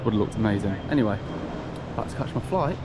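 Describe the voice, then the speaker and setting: A man's voice: on the low side, expressive, fast talker. Casting: man, travel vlogger, chatty and rambling, over heavy traffic noise. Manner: chatty, rambling, self-questioning. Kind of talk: casual travel vlog to camera. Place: outdoors, windy, traffic around.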